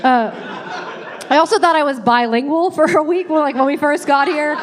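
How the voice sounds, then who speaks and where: High-voiced woman doing stand-up. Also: fast talker, noisy background. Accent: American. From Ireland. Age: 30s. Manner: chatty, self-deprecating, wry asides. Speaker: stand-up comedian. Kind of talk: stand-up comedy set. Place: comedy club stage with live audience. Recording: live club audience laughing.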